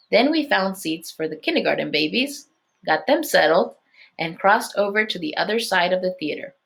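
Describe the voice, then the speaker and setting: A woman's voice: lowish voice, vocal fry. A woman elementary teacher reading a chapter book aloud to her class, stopping to explain and check in.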